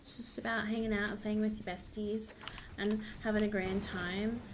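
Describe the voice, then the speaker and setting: A woman's voice: medium pitch, flat delivery, normal speed, a little hiss or hum. A woman streaming a game, chatting casually and bubbly with her viewers. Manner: bubbly, thanks viewers, gasps and squeals. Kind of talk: casual livestream chat while gaming.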